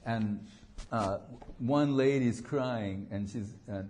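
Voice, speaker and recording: A man's voice: medium pitch, slow pace, a little mellow, slight background noise. A man giving an informal devotional talk as a spiritual teacher, a digressive storyteller who jokes and acts out quotes. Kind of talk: informal devotional lecture with anecdotes.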